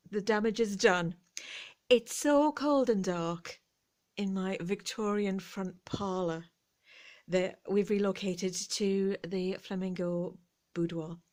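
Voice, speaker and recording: A woman in her fifties with an English accent chats casually to camera from a cosy room at home. She is jokey and self-deprecating, breaking into giggles. Her voice sits at a middling pitch. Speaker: vintage collector vlogger. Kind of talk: relaxed chatty vlog.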